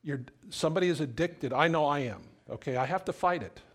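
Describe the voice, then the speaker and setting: A man's voice: on the high side, fairly quick. A middle-aged male pastor preaching a sermon in a conversational, storytelling way, often repeating words as he goes.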